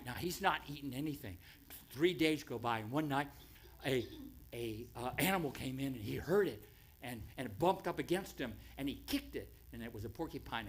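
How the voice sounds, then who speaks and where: Animated man telling a sermon story. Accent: American. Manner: animated storyteller, swings from loud cries to hushed low lines, repeats phrases. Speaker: pastor. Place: church sanctuary.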